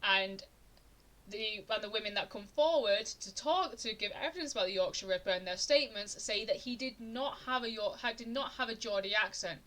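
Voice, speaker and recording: A young woman streaming live and retelling a crime case in loose, conversational speech. Her voice is bright and forward, at a middling pitch. She restarts sentences and presses hard on the points that annoy her. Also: fairly quick. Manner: chatty, indignant, with frequent restarts and rising emphasis. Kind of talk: casual true-crime storytelling on a live stream.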